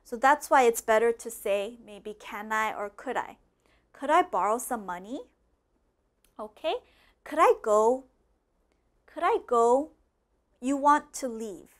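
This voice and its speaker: A woman teaching English in a slow, patient way. She repeats each phrase and keeps checking in with "okay?". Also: fairly high pitch, a bit bright. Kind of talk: slow classroom explanation. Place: classroom with a board.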